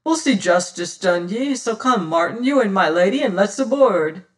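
A man's voice: high-pitched, lively intonation, normal speed, distant mic. A man reading an audiobook, voicing a hearty, loyal old sailor with bluff seafaring speech. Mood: urging.

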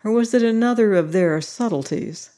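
A narrator reading a science fiction story aloud in a measured, steady way. The reading is even and unhurried. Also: medium pitch.

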